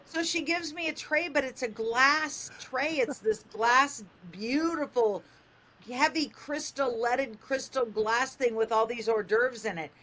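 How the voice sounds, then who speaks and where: An older woman radio host telling a funny story, lively and animated, acting out the voices in it. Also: unhurried. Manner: lively, acts out quoted voices with big pitch jumps.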